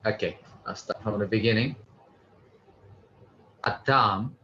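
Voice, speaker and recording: A man's voice: medium pitch, moderate pace, sharp tone, highs cut off, a little hiss or hum. A man practicing in a language lesson, polite and stumbling over his words as he restarts. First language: Indonesian. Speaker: student.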